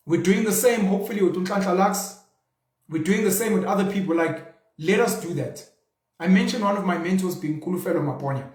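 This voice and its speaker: A young South African man hosting his own show, speaking in a passionate, rhetorical way with mocking asides. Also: sits high. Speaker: show host. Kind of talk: casual commentary monologue. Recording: roomy echo.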